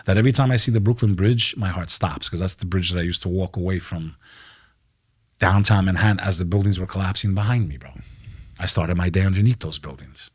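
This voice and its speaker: A man's voice: deep voice, brisk, breathy edge, no echo, clean studio sound. A middle-aged American man, a podcast guest, talking heatedly and emphatically, swearing and throwing in "bro" as he makes his case. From United States. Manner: heated, emphatic, profane, keeps saying "bro". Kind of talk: impassioned podcast talk.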